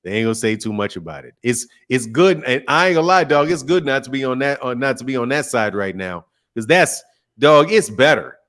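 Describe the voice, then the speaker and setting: A man hosting a boxing talk show, excitable and animated, laughing often. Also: medium pitch, a little fast. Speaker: host. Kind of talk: casual chat.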